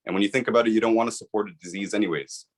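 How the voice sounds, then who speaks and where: A man with a fairly low voice speaks as an interview guest. He explains in an earnest, persuasive way and keeps checking in with the listener. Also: rapid-fire. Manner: earnest, persuasive, repeats "right?". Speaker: author and guest.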